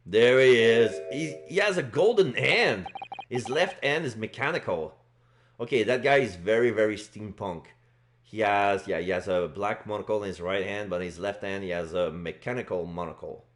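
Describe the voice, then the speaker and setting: A man's voice: on the low side, moderate pace, slight background noise. A man casually commenting on a game while streaming live, rambling with fillers. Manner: casual, lots of fillers and restarts.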